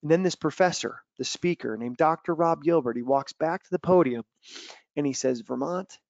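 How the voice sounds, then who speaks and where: A man running a webinar for young athletes, full of energy, who tells stories and bursts into loud acted-out quotes. His voice sits a bit high. The audio is dry and a little dull, as on a video call. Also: moderate pace, no echo. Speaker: mental performance coach.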